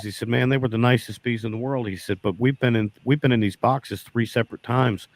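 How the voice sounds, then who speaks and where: Man, low voice, folksy beekeeper telling stories. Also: normal speed, a little mellow, no room sound. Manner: folksy, repeats "I said" in quoted dialogue. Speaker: beekeeper guest. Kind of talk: casual storytelling.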